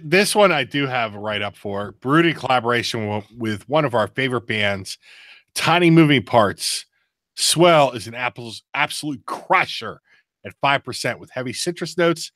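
A man's voice: a bit bright, no room sound, studio quality. A man co-hosting a casual live beer review podcast, chatty and prone to hard laughing fits. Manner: laughs hard, high giggly outbursts.

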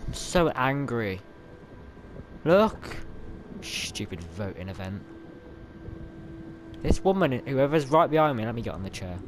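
A young man giving excitable live commentary over his gameplay, yelling at other players and grumbling when things go wrong. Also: medium pitch, a little slow, long pauses, slight background noise. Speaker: gamer. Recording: game sounds loud behind voice.

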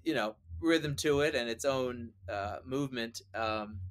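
A man with an ordinary mid-pitched voice reflects on a song in an easygoing podcast chat. He speaks thoughtfully, building his picture slowly and chuckling now and then. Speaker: guest musician. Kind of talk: casual conversation about music.

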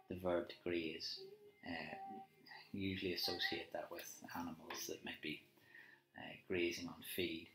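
Here a male teacher discusses a poem in a live annotation session, musing aloud conversationally and using tag questions. He has a deep, fairly bright voice with little pitch movement and speaks a little slowly. Roomy echo and faint music color the recording.

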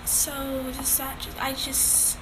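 A woman's voice: high-pitched, monotone, slow pace, noisy background. A woman playing a hesitant, awkward teenage girl on a livestream in a comedic skit. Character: lonely teen girl on a livestream.

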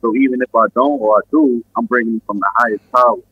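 A man's voice: medium pitch, steady tone, fast talker, slightly rough, no echo, narrow, tinny audio. A man from New York with a New York accent, a guest musician rambling in a laid-back, casual interview full of fillers. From Queens and Brooklyn, New York.

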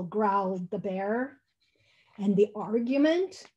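A woman reading a storybook aloud at a church service in a slow, gentle, expressive way. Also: mid-range voice, muffled recording.

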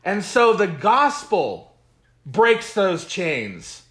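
A man's voice: high-pitched, big pitch swings, drawn-out words, fairly bright tone. A man teaching a Bible study as pastor, preaching emphatically in a repetitive cadence and reading scripture aloud with comments.

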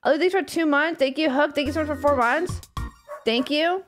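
A woman streamer chatting casually on a live stream, giggling often and swearing as she rambles excitedly. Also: high-pitched, brisk, faint music behind. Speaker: livestreamer.

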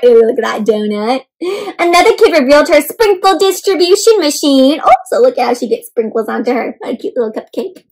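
A woman doing an interactive read-aloud of a picture book for children, animated, with gasps and questions to the listeners. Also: high-pitched, low-quality recording. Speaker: children's storyteller.

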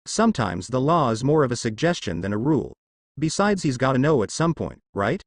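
A man's voice: mid-range voice, big pitch swings, fairly quick, no echo, clean studio sound. A man voicing a kind, earnest young male ninja teacher in his twenties in a fan story reading.

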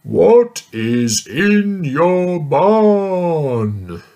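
Bullying picture-book giant, read aloud by a man, loud, high and drawn out. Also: very animated, exaggerated voice. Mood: booming. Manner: slow, booming, drawn-out questions. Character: blustering mean male giant from a picture book.

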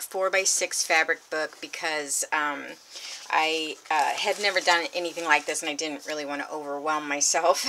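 Excitable woman crafter, bright, lowish voice, gushes and whispers. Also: a little hiss or hum. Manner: gushing, excitable, drifts into breathy whispers. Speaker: crafting vlogger. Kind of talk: unboxing vlog.

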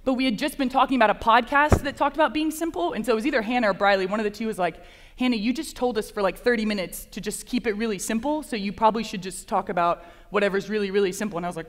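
A young woman with a lilt gives a chapel talk in a bubbly, chatty way, peppered with fillers. Her voice sits high. It rings out with the long reverb of a large hall. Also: very fast. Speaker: graduate assistant speaking at chapel.

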